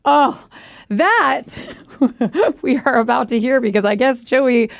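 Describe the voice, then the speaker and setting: A woman's voice: high-pitched, takes it slowly, creaky, no room sound, clean studio sound. A woman co-hosting a casual podcast chat, laughing and teasing her friends. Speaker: co-host.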